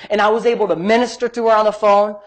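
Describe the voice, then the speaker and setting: Man preaching, loud then hushed. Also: high voice, little pitch movement, quick pace. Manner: swings from loud exhortation to hushed storytelling. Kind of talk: sermon with personal story.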